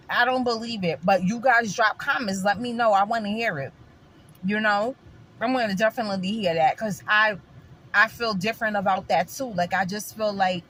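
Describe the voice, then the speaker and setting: A New York woman with a matching accent chats casually and opinionatedly with her viewers, calling them guys, in an emphatic, repetitive vlogger style. Her voice is medium-pitched and fairly bright, with a little hiss or hum in the recording.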